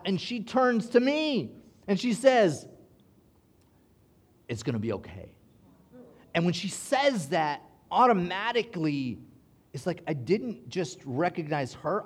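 A man preaching from the pulpit with a fairly high, lively voice. He tells his story with animated energy and pushes his pitch and volume up at the tense moments, then drops low and quiet for the prayers. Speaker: pastor. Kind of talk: sermon with personal story.

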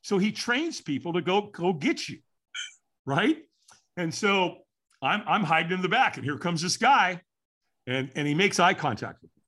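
A man in his sixties telling a personal story as a podcast guest, acting out what people said with big swings in his voice. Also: moderate pace. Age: 60s. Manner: animated, acts out quotes with big pitch swings.

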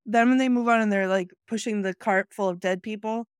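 Animated woman retelling movie scenes. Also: mid-range voice, fairly quick, clear, resonant tone, no echo, studio quality. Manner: animated, acts out quoted movie lines while retelling. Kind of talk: casual chat about a movie.

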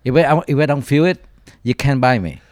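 A man, a guest chef whose first language is not English, talking in a casual podcast chat, blunt and profane, telling stories with lively broken English. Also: medium pitch, fairly quick, no echo, studio quality. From Canada-based chef.

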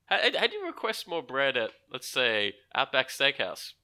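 Aussie guy on a podcast, really bright sharp voice, swoops around a lot, jokey. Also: medium pitch, wildly swooping pitch, normal speed. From Australia. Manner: chatty, laughs often, jokey asides. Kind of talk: casual chat.

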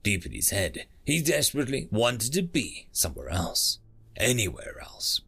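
A man narrating short science fiction stories as an audiobook, in steady, scripted storytelling. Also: mid-range voice, normal speed, vocal fry, breathy edge.

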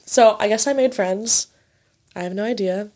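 A woman's voice: mid-range voice, normal speed, dark tone. A young woman in her twenties co-hosting a podcast, telling stories in casual chat. She swears a lot and acts out the people in her stories. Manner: chatty, swears often, acts out quoted people. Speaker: podcast co-host.

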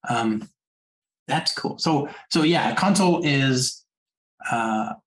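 A man's voice: mid-range voice, animated, extremely slow. Guy hosting a tech podcast, asks questions that ramble a bit, roomy echoey sound. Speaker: podcast host. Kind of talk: casual interview chat.

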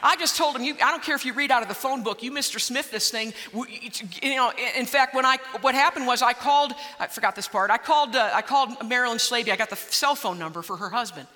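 A middle-aged woman giving a storytelling speech, animated and often repeating words as she gets excited. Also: fairly high pitch, quick pace, few pauses. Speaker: public speaker. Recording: long reverb of a large hall.

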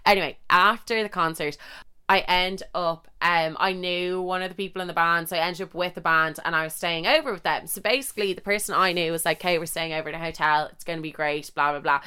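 A woman's voice: lowish voice, brisk, sharp tone, clear, resonant tone. A young woman with an Irish accent, chatty and full of swearing and fillers, telling a story casually.

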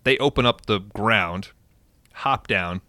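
Bright, crisp-voiced man recapping a film. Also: on the low side, slow pace, no room sound. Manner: excited and profane, animated storytelling. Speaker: podcast host.

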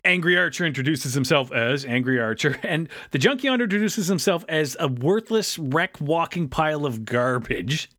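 A man co-hosting a podcast, recapping a cartoon episode in casual chat and slipping into quick character voices for quotes. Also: fairly high pitch, no room sound, studio quality. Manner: animated, jumps into quick character voices when quoting. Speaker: podcast co-host.

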